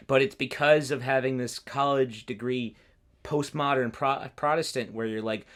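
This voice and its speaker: A man's voice: medium pitch, fairly even intonation, normal speed. A young man, a university student, co-hosting a casual political podcast, talking in long rambling runs with many restarts. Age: young adult. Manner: rambling, many restarts and mocking quoted voices. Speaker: podcast co-host.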